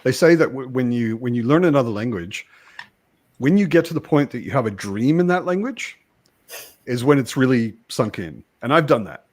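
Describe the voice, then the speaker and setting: A man born in the United States hosting a casual live chat, talking in an animated way with frequent restarts. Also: medium pitch, normal speed. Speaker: host.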